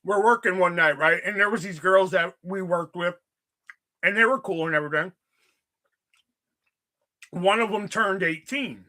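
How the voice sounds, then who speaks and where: A young man hosting a livestream, telling casual stories in an animated, profane way and acting out quotes. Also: high voice. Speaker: livestream host. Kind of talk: casual storytelling chat.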